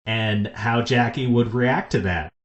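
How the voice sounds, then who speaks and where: A man's voice: unhurried, lo-fi sound. Man, podcast host, casual chat, eager, echoey room. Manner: enthusiastic, pitching ideas.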